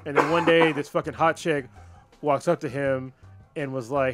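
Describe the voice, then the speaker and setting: A man's voice: on the high side, normal speed, music in the background. A man co-hosting a podcast, telling a story with lots of swearing and acting out the characters' lines. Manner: profane, animated storyteller who acts out the characters' lines. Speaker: podcast co-host. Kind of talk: casual chat, retelling a story.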